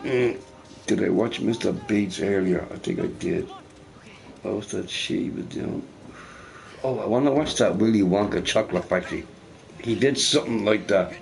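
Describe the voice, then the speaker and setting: A man with a somewhat low voice chats loosely while he plays a game. He rambles, laughs at his own stories and fills his talk with "you know" and "right". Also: creaky, a bit bright. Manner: rambling, laughing, fond of filler words. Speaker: gamer. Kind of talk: rambling casual chat while playing a game.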